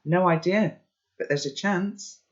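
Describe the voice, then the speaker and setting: A man voicing an urgent, bossy young boy who barks loud, clipped commands in a raised voice. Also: high-pitched, a little slow, highs cut off, pitched above the performer's own voice. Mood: urgent commanding.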